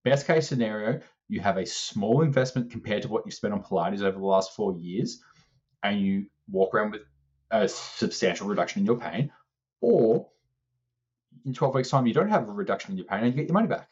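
A man co-hosting a casual podcast, telling an animated story and acting out both sides of the conversation, swearing now and then. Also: lowish voice, fairly quick, highs cut off. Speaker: strength coach co-host.

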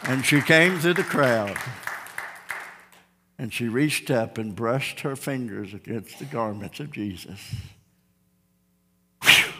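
Pastor preaching hard, bright piercing voice, goes loud then real quiet, echoey church. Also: male voice, mid-range voice, lively intonation, slow pace, long pauses, a faint crowd, a little hiss or hum. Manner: dramatic storytelling, swinging from shouts to hushed tones. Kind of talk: sermon. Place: church sanctuary. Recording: reverberant church hall.

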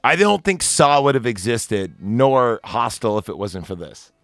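A man talks through a film scene in a loose, profane podcast chat, slipping in bits of impression along the way. His voice is gravelly with a bright, cutting edge. The recording is dry and close. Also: mid-range voice, a little slow, no room sound, soft background music. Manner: crude, animated retelling with impressions. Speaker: podcast co-host. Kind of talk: casual movie-discussion chat.

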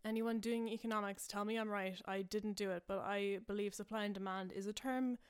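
A woman's voice: mid-range voice, steady tone, a little fast, smooth. A young woman hosting a podcast, rambling casually through a made-up story, full of fillers and self-amused asides. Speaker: podcast host.

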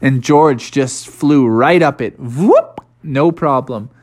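A man's voice: medium pitch, slow pace. A man casually telling an improvised children's story. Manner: casual, animated.

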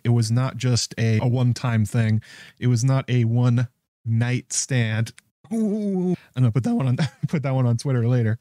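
A man's voice: medium pitch, mellow, no room sound, studio quality. A man giving casual, rambling commentary on a TV episode, often chuckling in disbelief. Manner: incredulous, chuckling, rambling with restarts. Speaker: show recap host.

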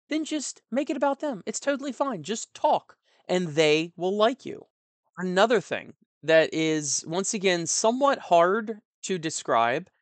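A young man giving casual advice in a rambling, frank monologue with animated asides. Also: high voice, no room sound. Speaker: tabletop gaming commentator.

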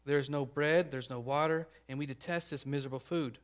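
A man's voice: a little high, steady tone, brisk, clear, resonant tone. Man, pastor, sermon, conversational, congregation check-ins. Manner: acts out grumbling crowd voices.

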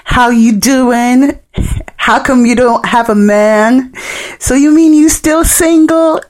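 A woman's voice: high-pitched, slow, darkish tone, pitched above the performer's own voice. A woman with a Jamaican accent voicing a crowd of cheeky roaches that tease her nosily. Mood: teasing. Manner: teasing, nosy.

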